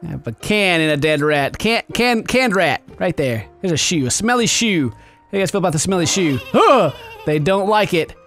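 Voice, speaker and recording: Excitable high-voiced man playing a game. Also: fairly quick, soft background music. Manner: giggly, exclamatory, yelps and shouts. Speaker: gaming video host. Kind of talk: excited let's-play commentary.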